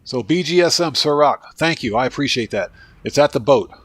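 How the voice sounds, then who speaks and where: The livestream host, a gamer, speaks fairly quickly at a medium pitch with no room sound. His voice is congested and fading as he casually chats with viewers and thanks each by name during gameplay.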